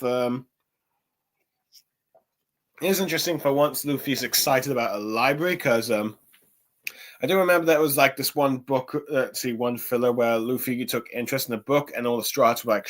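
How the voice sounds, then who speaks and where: A man casually reviewing a comic chapter, rambling with frequent fillers, restarts and pauses to find his words. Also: mid-range voice. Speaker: manga reviewer.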